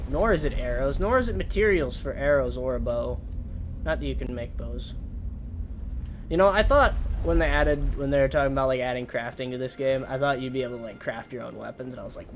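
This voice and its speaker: A young man giving casual, rambling gameplay commentary, swearing and breaking into sudden loud yells. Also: medium pitch, fairly quick, a little hiss or hum. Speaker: gaming streamer.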